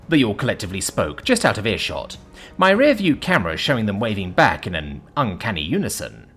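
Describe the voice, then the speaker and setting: A man narrating a first-person story in a lively, dramatic reading style. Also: lowish voice, brisk, breathy edge, faint music behind.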